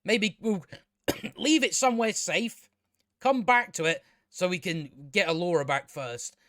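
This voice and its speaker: A man's voice: high-pitched, measured pace, fairly bright tone, dry recording, studio quality. A man casually reviewing a show, exasperated and sweary, rambling with many restarts.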